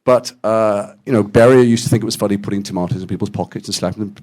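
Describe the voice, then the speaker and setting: A man with an English accent, an actor telling stories at a post-screening Q&A in a cinema. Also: lowish voice. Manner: animated, quotes others in quick dialogue. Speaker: actor guest at a Q&A. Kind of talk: anecdotal storytelling. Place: cinema auditorium after a screening.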